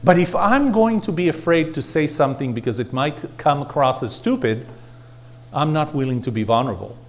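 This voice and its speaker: Male lecturer before a live room, higher-leaning voice that swings widely in pitch; blunt, gets the crowd to repeat lines. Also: normal speed. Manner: animated, has the audience repeat phrases; rhetorical questions, blunt. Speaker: leadership lecturer.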